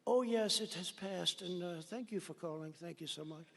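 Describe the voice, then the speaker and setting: A man's voice: high-pitched, moderate pace, vocal fry, fairly bright tone. A man at a rally putting on a mock French accent to play a polite, flustered French head of state. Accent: French, put on. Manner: mock-polite, pleading, exaggerated. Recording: long reverb of a large rally venue.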